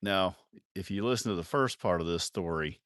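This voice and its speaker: A man's voice: low-pitched, moderate pace, fairly bright tone, smooth, no room sound, studio quality. A man telling rowdy, profane bar stories in a live stream, often laughing as he talks. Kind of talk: casual storytelling.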